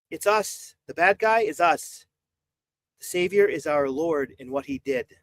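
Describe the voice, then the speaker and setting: Fired-up priest ranting on a live stream. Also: male voice, a little high, unhurried, no echo. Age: 40s. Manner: animated, exasperated, preachy. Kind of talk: impassioned live-stream talk.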